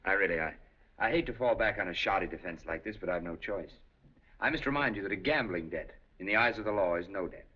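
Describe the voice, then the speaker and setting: A man's voice: sits low, expressive, quick pace, slightly rough. A man playing a broke, charming gambler in a 1930s film, polite, flustered and wryly evasive. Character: broke charming young American gambler, cornered but polite. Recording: dull old film soundtrack.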